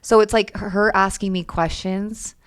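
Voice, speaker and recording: A woman's voice: medium pitch, fairly even intonation, measured pace, clear, resonant tone. A woman co-hosting a casual podcast, reacting with laughs and sharing her own view. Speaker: podcast co-host. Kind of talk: casual chat.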